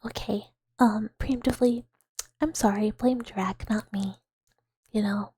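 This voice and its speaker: A woman's voice: mid-range voice, steady tone, measured pace, mellow, husky, no room sound. A woman in her thirties whispering breathily and chattily as an ASMR streamer, giggling as she reads chat aloud into a close mic. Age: 30s. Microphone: close studio mic.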